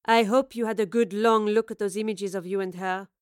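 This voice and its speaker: A woman's voice: mid-range voice, steady tone, moderate pace, no room sound, clean studio sound, natural voice. A woman voicing a vicious, desperate female villain who sneers and hisses her threats. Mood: sneering. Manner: sneering, hissing.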